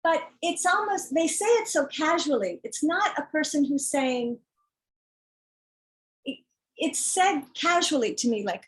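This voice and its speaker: Heard on a poor-quality recording, this expressive woman speaks unhurriedly in a high register. She's an author discussing her children's book openly and with emphasis, voicing what others said and cursing now and then when she gets heated.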